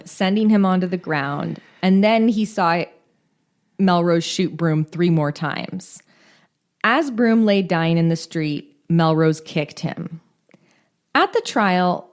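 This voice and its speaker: Low-voiced woman telling true crime. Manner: reads case notes with joking asides and profanity. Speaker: podcast co-host. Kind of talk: casual true-crime storytelling.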